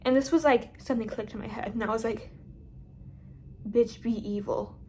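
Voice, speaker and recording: A young woman telling a storytime vlog in an animated, dramatic way, swearing freely. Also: fairly high pitch, fast talker, noisy background. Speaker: vlogger.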